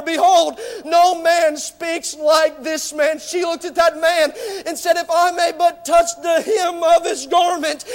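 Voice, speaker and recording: A man preaching a fervent sermon to a church, often shouting and repeating rhetorical questions to his congregation. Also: very high-pitched.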